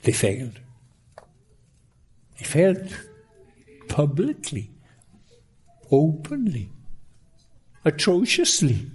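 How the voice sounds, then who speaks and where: A male preacher delivering a sermon at an unhurried, measured pace. His voice sits in a middle register, climbing high on emphatic words and dropping to near hushes for effect. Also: husky. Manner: slow, emphatic preaching with rising exclamations and dropped, hushed lines.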